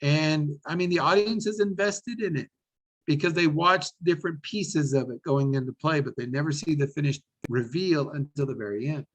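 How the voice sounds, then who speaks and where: Brief: a lively man giving a business presentation, energetic and a touch higher-pitched. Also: moderate pace, low-quality recording. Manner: animated, enthusiastic, repeats words. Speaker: webinar presenter.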